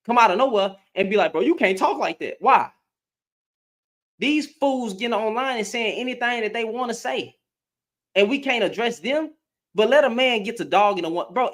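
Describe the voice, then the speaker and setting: A man's voice: sits high, a bit bright. A man hosting a livestream, ranting in heated, emphatic commentary, repeating and restarting his words. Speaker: livestream host.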